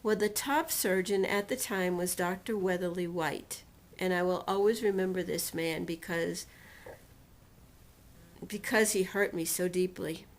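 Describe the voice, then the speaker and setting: A woman recounting a painful personal experience in a storytelling manner, slowly and deliberately, acting out what was said to her. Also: fairly low pitch. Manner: emotional retelling, quotes others and herself dramatically. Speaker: personal testimonial speaker.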